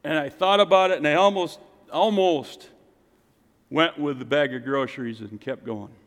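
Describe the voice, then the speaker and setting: A middle-aged man delivers a storytelling sermon, his voice sitting a little high for a man. He swings between raised, animated lines and soft, hushed asides. His words ring out with a long reverb, as in a large church hall. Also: normal speed. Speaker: pastor.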